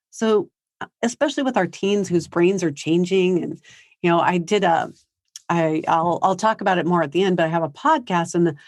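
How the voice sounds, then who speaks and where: A woman's voice: on the low side, no echo, studio quality. A woman giving a parenting seminar in a conversational way, acting out what teens and parents say. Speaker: parenting speaker. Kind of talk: seminar talk. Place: high school seminar.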